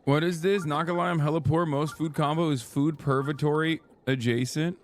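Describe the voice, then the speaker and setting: A man's voice: fairly high pitch, steady tone, fairly quick, a little hiss or hum. A man streaming live, chatting casually and reacting to chat with lots of swearing. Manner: profane, chatty, reads chat aloud.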